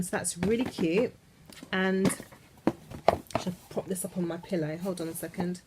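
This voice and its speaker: Lying in bed at home, a woman with a lowish, darkish voice gushes to the camera about her perfumes. She's a beauty vlogger who keeps leaving sentences unfinished, and a faint hiss or hum sits underneath.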